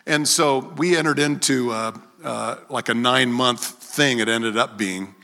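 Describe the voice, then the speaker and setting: Bright-voiced man preaching in a reverberant hall. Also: unhurried, creaky. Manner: storytelling, acts out quoted voices with sharp rises in pitch. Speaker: preacher and worship leader. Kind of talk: conversational sermon.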